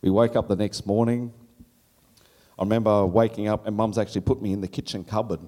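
Fairly quick and lowish in voice, a middle-aged Australian man recounts a personal story on stage at a live storytelling event. He's animated, laughs along the way, and his voice leaps upward each time he quotes his younger self.

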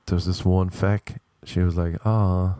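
A man's voice: lowish voice, animated, a little slow, creaky, mellow, no room sound, clean studio sound. A man in his thirties with an Irish accent, hosting a podcast and giving rambling, jokey advice in a casual comic chat. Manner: rambling, jokey, riffs in silly voices. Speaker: podcast host and stand-up comedian.

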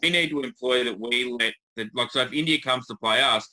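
A man's voice: mid-range voice, brisk, pushed and bright. An Australian man in casual chat, blunt, swearing freely and saying "like" often.

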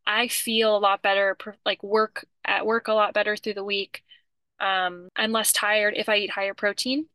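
A woman's voice: medium pitch, little pitch movement, normal speed, sharp tone, clear, resonant tone, no room sound. A woman co-hosting a podcast in casual chat, talkative and often restarting her sentences. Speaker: podcast co-host.

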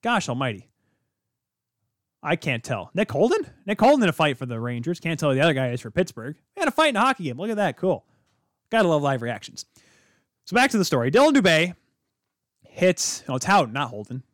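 A man hosting a hockey podcast, rambling excitedly and calling his viewers kids. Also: on the high side, fairly quick, long pauses, dry recording, clean studio sound. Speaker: podcast host. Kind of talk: casual hockey talk.

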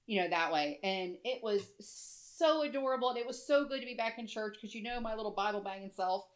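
A woman chatting casually as a podcast co-host, an animated storyteller who laughs often and acts out what people said. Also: fairly quick. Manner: acts out quotes in big high voices. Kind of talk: casual chat.

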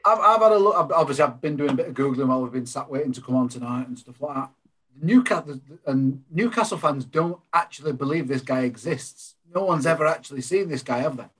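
A man talks fast and jokingly on a video call, spinning theories in a casual chat. His voice is husky and a little high-pitched. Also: animated, a bit bright. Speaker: podcast co-host.

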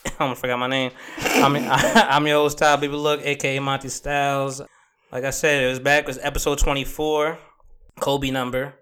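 A man's voice: mid-range voice, level tone, moderate pace, pushed and bright, clean tone. A young man hosts a podcast in loose, joking casual chat. He laughs often, and his voice sits in an ordinary middle register. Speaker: podcast host.

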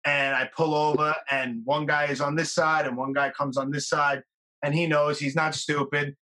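A man in casual podcast chat, telling a lively story and swearing casually. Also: a little high, moderate pace, low-quality recording.

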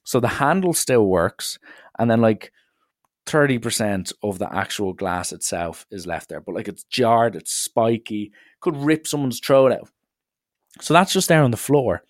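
Irish man, young, podcast host, animated storytelling, dry close sound. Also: mid-range voice, measured pace, dry recording. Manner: animated, swears, acts out others' lines. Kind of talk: casual storytelling monologue.

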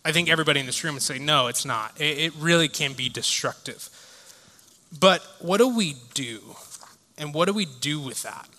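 A man in his thirties delivers a sermon in a high, bright voice, moving from lively storytelling to hushed reflection. His voice carries through a large hall with a long, lingering reverb. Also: moderate pace. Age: 30s. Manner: animated storytelling, shifting to quiet reflection. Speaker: pastor.

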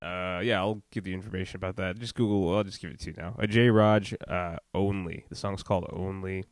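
A man's voice: deep voice, fairly even intonation, brisk, no room sound, studio quality. A man who co-hosts a podcast and makes music, talking in a laid-back, wry way. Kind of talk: casual comedic podcast chat.

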